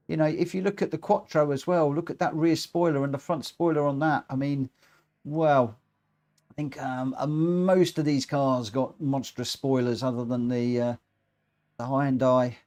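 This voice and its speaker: A man's voice: on the high side, fairly even intonation, normal speed, a little mellow. A man hosting a live racing game stream, chatting casually and self-mockingly as he reads out chat. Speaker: livestream host running online racing lobbies.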